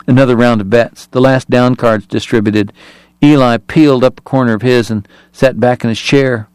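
A male narrator reading a novel aloud in a measured, even way. His voice sits in an ordinary middle register, recorded very dry and close with no room sound. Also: medium pitch, smooth, no echo. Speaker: audiobook narrator. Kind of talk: scripted narration.

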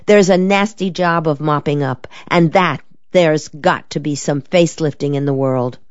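Woman reader doing a reserved young soldier, clipped and earnest, low voice, dry lo-fi recording. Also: moderate pace, dry recording, natural voice. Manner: clipped, serious delivery.

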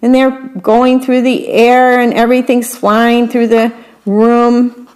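A woman's voice: fairly high pitch, level tone, slow, darkish tone. A woman reading a picture book aloud, stopping to comment on what each picture shows. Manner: adds chatty commentary on the pictures. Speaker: story reader.

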